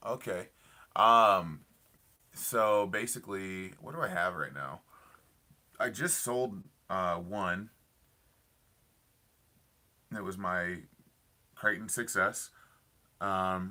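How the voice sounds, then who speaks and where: Excited low-voiced young man live streaming. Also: slow, pauses often. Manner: enthusiastic, rambling, lots of fillers and repeats. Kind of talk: casual live stream chat reading comments. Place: inside a parked car at night.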